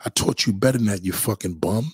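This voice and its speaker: Husky, profane New man ranting. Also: lowish voice, fast, no echo. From Brooklyn, New York. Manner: profane, mocking, loud bursts of insults. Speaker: livestreamer. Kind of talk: trash-talking livestream rant.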